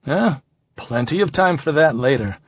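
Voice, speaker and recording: A man's voice: on the high side, animated, moderate pace, husky, no room sound. A man voicing a mild, reasonable father in an audiobook. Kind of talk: audiobook character voice. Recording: slightly dull, dry recording.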